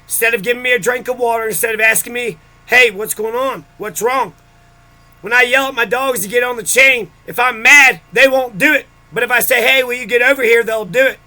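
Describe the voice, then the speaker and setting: Bitter ranting man with a bright high voice. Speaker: vlogger. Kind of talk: angry personal rant.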